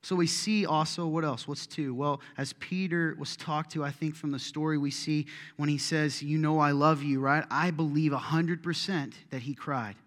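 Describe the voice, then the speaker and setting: A middle-aged male pastor with a fairly high, slightly bright voice gives a sermon in a church sanctuary, speaking steadily at a moderate pace with few pauses. His loose, joking talk swells into emphatic preaching, and a long reverb trails off the hall's walls.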